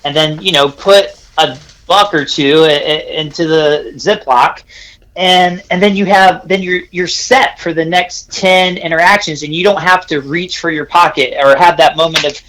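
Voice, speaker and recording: Bright, rambling guy. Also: a little high, steady tone, moderate pace, no room sound, poor audio. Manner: rambling, many restarts and fillers. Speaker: podcast co-host. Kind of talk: casual podcast chat.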